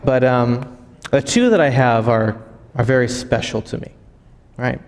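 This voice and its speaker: A man's voice: medium pitch, a little slow. A man in his thirties giving a sermon, earnest and personal, often restarting his phrases. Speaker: pastor. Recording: hall with long reverb.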